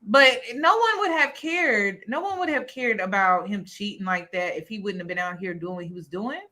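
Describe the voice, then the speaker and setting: A woman's voice: medium pitch, lively intonation, moderate pace, pushed and bright. A woman hosting a reaction video, talking bluntly and with exasperation, swearing as she comments. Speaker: YouTube reaction host.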